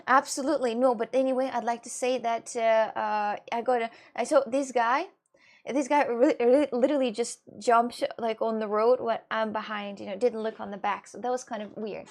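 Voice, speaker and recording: Young woman, slightly high pitch, casual stream chat, fillers and restarts. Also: steady tone, moderate pace, darkish tone. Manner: rambling, many fillers and restarts, reads chat aloud. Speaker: livestreamer chatting with viewers.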